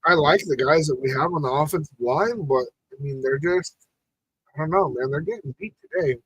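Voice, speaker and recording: A podcast host is running a live football watch party, reacting to plays with frustration and chatting with his viewers. His voice is slightly high and sing-song, fairly quick and fairly bright, with a breathy edge. The recording is rough but has no echo.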